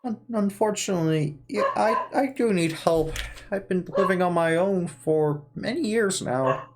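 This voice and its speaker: A woman's voice: on the low side, measured pace, noisy background, pitched above the performer's own voice. A woman voicing a frail, frightened old human man who stammers and pleads. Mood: pleading.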